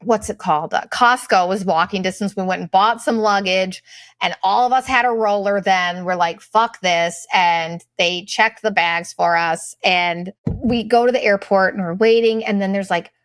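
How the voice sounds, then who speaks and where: A woman's voice: medium pitch, normal speed, a bit bright, dry recording. A middle-aged woman telling a travel story in a casual, profane, exasperated and sarcastic way. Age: late 30s to 40s. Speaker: vlogger.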